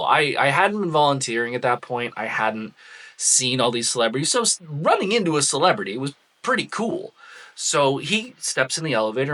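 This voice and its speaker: A man, casually telling a personal anecdote to the camera in a chatty, relaxed way with plenty of ums and uhs. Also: medium pitch. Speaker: cosplay vlogger.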